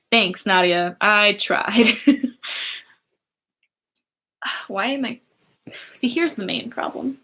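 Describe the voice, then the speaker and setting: A woman's voice: mid-range voice, very slow, pauses often, sharp tone. A young woman chatting casually on a livestream, reading chat and laughing often. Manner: giggly, chatty, many fillers.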